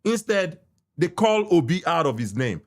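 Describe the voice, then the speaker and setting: A man's voice: on the high side, big pitch swings, moderate pace, a little mellow. A young Nigerian man with a Nigerian English accent and pidgin, hosting a podcast and ranting heatedly, repeating himself and cursing. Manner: heated, repetitive, cursing, indignant. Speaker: podcast host reacting to an interview. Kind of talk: ranting commentary.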